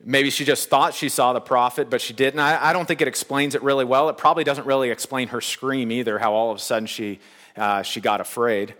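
A man preaching a sermon in a relaxed, conversational, joking way, from a church hall. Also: mid-range voice, brisk. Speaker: pastor. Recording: long hall reverb.

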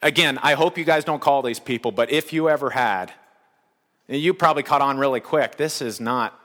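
Male pastor, sermon, casual and humorous, mid-pitched voice, long reverb of a church hall. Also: normal speed, fairly bright tone. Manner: conversational, humorous preaching.

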